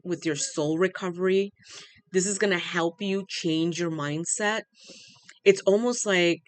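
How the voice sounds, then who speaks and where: An earnest tarot reader talks through a channeled reading, repeating phrases and pausing often as if moved. The voice sits at an ordinary middle pitch and sounds emotional throughout. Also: a bit bright. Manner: emotional, says they are overwhelmed.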